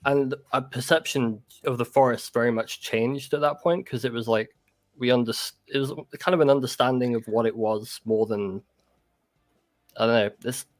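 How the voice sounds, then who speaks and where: A man recounting a personal encounter in casual conversation, halting and full of restarts and "like". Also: medium pitch, no echo.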